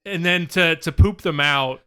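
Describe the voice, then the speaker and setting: Male co-host, casual and rambling, bright forceful voice, smooth tone. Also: fairly high pitch, unhurried. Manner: rambling, frequent ums. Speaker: podcast co-host. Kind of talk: casual chat.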